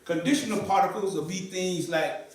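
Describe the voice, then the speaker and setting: A man's voice: high voice, moderate pace, slight background noise. A man teaching Arabic to a class in a mosque, often asking questions and repeating students' answers. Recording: echoey room, voice from far off.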